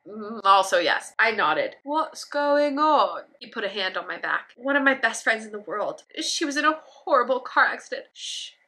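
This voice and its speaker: Brief: bright, clear-toned woman, comedic read-aloud with wry commentary. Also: medium pitch, normal speed, hardly any pauses. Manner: sarcastic running commentary, laughing at her own writing. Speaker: YouTuber reading her old fanfiction aloud. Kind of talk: comedic reading with asides.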